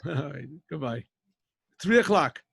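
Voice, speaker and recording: Gravelly older rabbi telling a story. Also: male voice, fairly high pitch, a little slow, no room sound. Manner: rambling, animated retelling. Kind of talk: storytelling over a video call. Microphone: video call.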